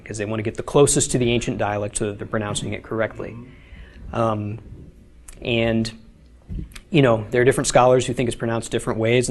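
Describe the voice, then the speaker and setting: A man teaching a beginners' language class, explaining step by step and often checking with "okay?". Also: fairly low pitch. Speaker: Hebrew teacher. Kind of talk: informal classroom lecture.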